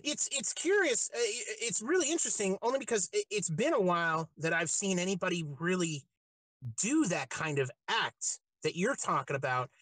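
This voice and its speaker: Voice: mid-range voice, big pitch swings, normal speed, a bit bright, no room sound, low-quality recording. Laughing, swearing podcast host. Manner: laughs often, loose and profane. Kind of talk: casual interview chat.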